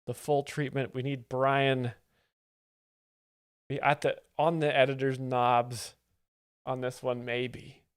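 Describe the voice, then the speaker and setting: A man hosts a live comedy stream, delivering his asides with a deadpan, ironic edge. His voice sits at an everyday middle pitch. The room around him is dry, with no echo. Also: slow, long pauses, clear, resonant tone. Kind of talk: satirical live-stream commentary.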